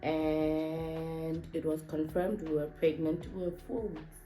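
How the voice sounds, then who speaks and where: A woman's voice: deep voice, level tone, takes it slowly, dark tone, faint music behind, low-quality recording. A woman hosting a casual couple vlog, playful and teasing, sometimes hesitant as she searches for words. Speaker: vlog host.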